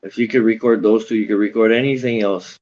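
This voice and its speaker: Laid-back slangy man, low voice. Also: steady tone, fast, a little mellow, highs cut off. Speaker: stream chat participant. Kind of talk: casual chat.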